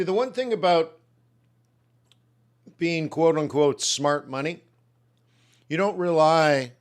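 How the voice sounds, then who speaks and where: Joking male trading webinar host. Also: a little high. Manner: loose, joking, answers viewers' questions, muses aloud. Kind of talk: live market commentary to chat.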